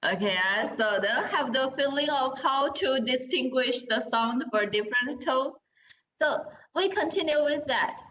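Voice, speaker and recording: In a classroom language lesson with a roomy echo and a little hiss or hum, a woman leads a Mandarin class in a high-pitched, pushed, bright voice at a measured pace. She patiently explains, demonstrates sounds for the students to echo back, and often asks "okay?" to check on them.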